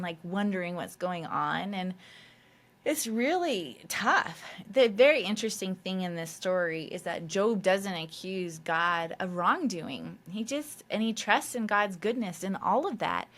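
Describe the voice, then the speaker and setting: A woman's voice: medium pitch, fairly bright tone. A woman hosting a faith podcast, talking casually and loosely, with frequent fillers and mild swearing. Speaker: podcast host.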